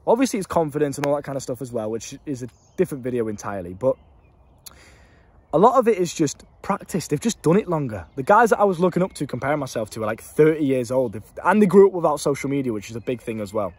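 A man's voice: medium pitch, big pitch swings, fast talker, darkish tone, breathy edge, no room sound. A young British man and life coach, talking casually to a handheld camera, swearing freely and rambling.

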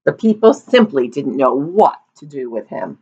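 A woman reading a storybook aloud to children, lively, with playful asides, on a dull lo-fi recording. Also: extremely low pitch, moderate pace, slightly rough.

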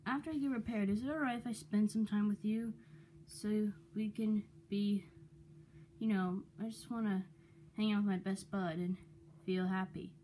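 A woman voicing Henry, a gentle engine. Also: medium pitch, expressive, a little slow, a little hiss or hum, lightly acted. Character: kind, gentle male train engine.

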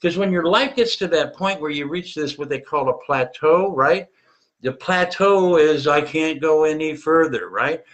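A man's voice: on the high side, fairly bright tone, lo-fi sound. A middle-aged man hosting a personal finance show, giving a punchy, emphatic motivational monologue with casual swearing.

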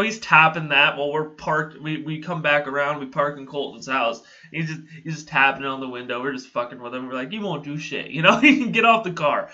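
A man's voice: on the high side, pushed and bright, muffled recording. A young man telling a casual story to his channel, rambling, laughing often and swearing freely. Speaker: vlogger.

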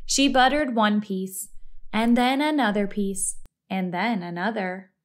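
A woman reading a children's storybook aloud in a slow, expressive, deliberate way. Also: medium pitch. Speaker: story reader.

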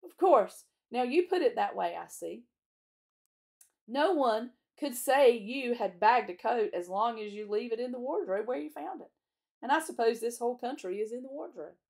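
A woman reading aloud and voicing an excitable English schoolboy, the eldest brother, with eager exclamations. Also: a little high, normal speed, creaky, pitched above the performer's own voice. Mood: agreeable.

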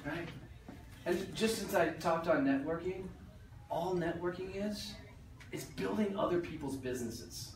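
A motivational speaker with a high-pitched voice talks a little slowly to a business crowd in a meeting room. He's blunt and joking and swears casually. Slight background noise and a roomy, far-off echo are audible.

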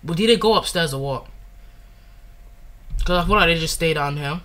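A young man giving excitable, slangy let's play commentary and reading game text aloud. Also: a little high, normal speed, slight background noise. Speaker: gamer.

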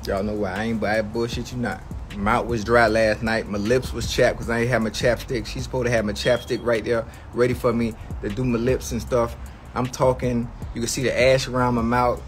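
A man's voice: mid-range voice, flat delivery, brisk, soft background music. A man ranting to his livestream chat in a comedic, mock-outraged way, slangy and profane, repeating lines for effect.

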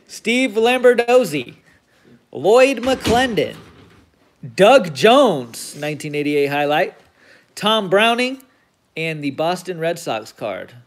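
Hosting a card break stream, a high-voiced man calls out each player's name at an unhurried pace while opening packs. He swears casually and gets hyped whenever a big card appears.

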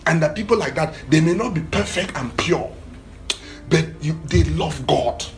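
A man preaching a sermon in an animated, emphatic way, with short phrases repeated for emphasis. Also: moderate pace, faint music behind. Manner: animated, emphatic preaching that swells in pitch and volume.

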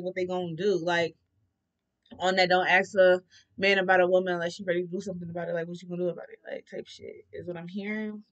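Blunt profane woman reading tarot. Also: lowish voice. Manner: blunt, profane, animated talk. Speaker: tarot reader. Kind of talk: casual tarot reading monologue.

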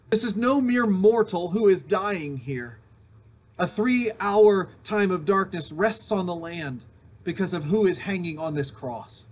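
A male pastor giving an earnest, emphatic sermon recorded at home, returning to repeated refrains. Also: on the high side. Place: home during a thunderstorm.

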